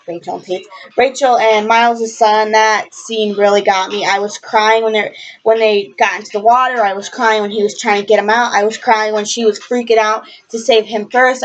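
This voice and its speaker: A young woman casually reviewing a book in a vlog, gushing and rambling with lots of fillers, passionate and swearing freely. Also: fairly high pitch. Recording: lo-fi webcam audio.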